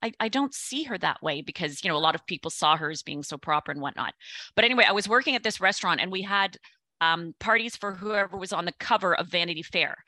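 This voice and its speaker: Middle-aged woman telling stories on a podcast, bright lowish voice, dry close sound. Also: fast, dry recording. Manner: chatty storyteller, acts out quoted voices. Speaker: podcast guest. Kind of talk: casual chat.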